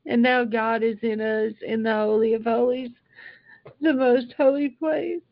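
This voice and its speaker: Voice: medium pitch, steady tone, a little slow, no room sound, lo-fi sound. An older Bible teacher reading scripture aloud and stopping often for heartfelt asides.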